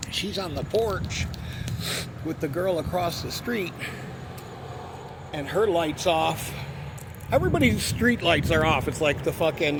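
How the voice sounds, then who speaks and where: A man telling a rambling story in a vlog, cursing often and saying "you know what I mean" again and again. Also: on the high side. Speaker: vlogger. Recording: outdoor noise behind voice.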